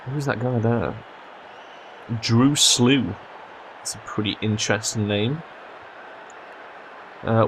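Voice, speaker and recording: A young man commentating his own football management game, swearing and yelling at his players when they mess up. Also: fairly low pitch, a little hiss or hum. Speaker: gaming commentator. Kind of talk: let's play commentary.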